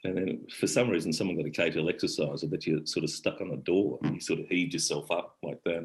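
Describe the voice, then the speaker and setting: A middle-aged Australian man, an actor and author, telling family stories in an animated chat, acting out voices. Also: low-pitched, quick pace, low-quality recording. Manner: animated storyteller, acts out voices. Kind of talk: storytelling conversation. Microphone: online event call.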